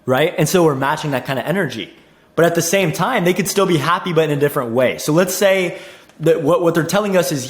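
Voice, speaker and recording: A young man coaching on sales in a casual teaching monologue, energetic, repeating himself and saying "like" and "dude" a lot. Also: a little high, brisk, echoey room. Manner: energetic, repeats words, says "dude" and "like" often.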